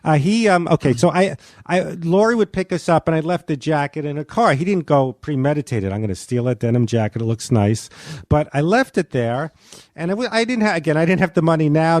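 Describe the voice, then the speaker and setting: Man podcast guest, rambling hesitant storytelling, fairly high voice, dry close sound. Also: fairly quick, no room sound. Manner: hesitant, rambling, many restarts. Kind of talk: casual comedic storytelling.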